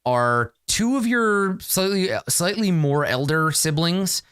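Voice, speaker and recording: A man's voice: high voice, expressive, slow, fairly bright tone, smooth, no room sound, clean studio sound. A man running a tabletop game as game master, narrating in a loose, rambling way.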